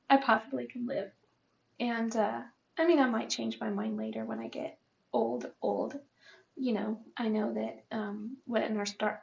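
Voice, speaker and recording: Chatty woman in her fifties, gravelly. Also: a little high, a little mellow, highs cut off. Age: 50s. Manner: candid and chatty, with fillers. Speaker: vlogger. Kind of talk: personal health update vlog.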